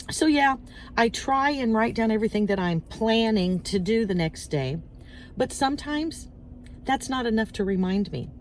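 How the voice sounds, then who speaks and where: A woman's voice: fairly high pitch, a little slow, slight background noise. Chatty woman ranting to her phone. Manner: animated storytelling, acts out little voices. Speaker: vlogger. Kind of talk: casual chatty rant to camera. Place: outdoors, waiting in parked car area.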